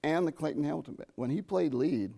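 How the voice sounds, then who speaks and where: A man's voice: fairly high pitch, gravelly. Middle-aged man teaching a trumpet masterclass. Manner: animated, sings rhythms and asks students quick questions. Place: university theatre.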